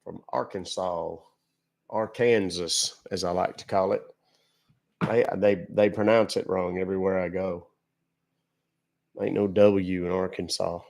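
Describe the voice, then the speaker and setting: A man's voice: low voice, flat delivery, measured pace, gravelly, long pauses, a little mellow. A man hosting a live scam-baiting stream, chatting casually and teasing callers. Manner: playful, sarcastic. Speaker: scam-baiting livestream host.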